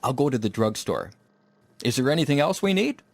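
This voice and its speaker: A man reading lines of a scripted practice dialogue, clear and slow. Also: mid-range voice, big pitch swings, no room sound.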